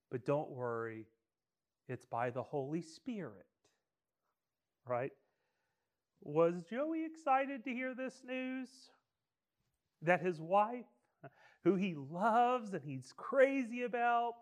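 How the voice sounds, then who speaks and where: A man with a fairly high voice preaches an easygoing, humorous sermon at an unhurried pace. He stumbles and restarts often and keeps checking in with the room. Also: smooth. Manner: casual, joking, with frequent restarts and tag questions.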